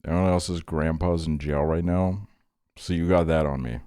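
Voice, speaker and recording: A man's voice: rumbling low, steady tone, moderate pace, dark tone, smooth, no echo, clean studio sound. A man in his twenties chatting casually with his stream chat late at night, rambling and laid-back, often laughing. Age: 20s. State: tired.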